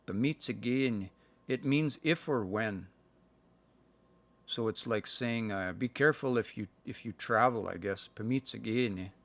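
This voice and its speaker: A man from Canada giving a casual livestream language lesson, thinking aloud and slowly sounding out words between fillers. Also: lowish voice. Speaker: language learner sharing practice phrases. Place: indoors, livestream. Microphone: phone.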